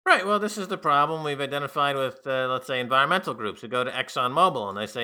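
A man's voice: medium pitch, expressive, fast talker, few pauses, bright, forceful tone, smooth. Sardonic man co-hosting talk radio. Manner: wry, sardonic, mocks with put-on voices. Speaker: radio show co-host. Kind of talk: casual talk radio commentary. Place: radio studio.

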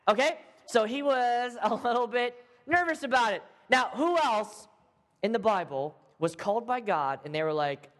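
High-voiced, animated man teaching a Bible class. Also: normal speed. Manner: animated, playful, acts out the characters. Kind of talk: lively Bible lesson with quiz points. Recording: echoey hall.

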